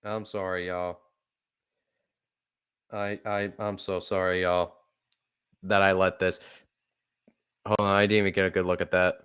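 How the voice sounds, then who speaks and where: A man calls football plays live for his podcast in a smooth, clear voice. He talks like an upset fan, swearing and apologizing between plays, then gets louder and quicker when the action starts. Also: low-pitched, little pitch movement. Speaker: play-by-play podcast host. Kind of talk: live fan play-by-play commentary.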